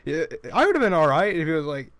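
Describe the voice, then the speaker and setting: A man's voice: a little high, sing-song, fast, a bit bright, dry recording. A man hosting a let's play, casually telling a story while gaming, rambling with many restarts and stammered repeats.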